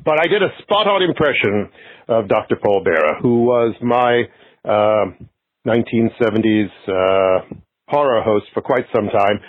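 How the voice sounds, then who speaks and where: A man's voice: mid-range voice, slightly rough, no echo. Chatty man rambling on a voicemail. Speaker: caller. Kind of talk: casual voicemail. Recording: tinny voicemail phone line.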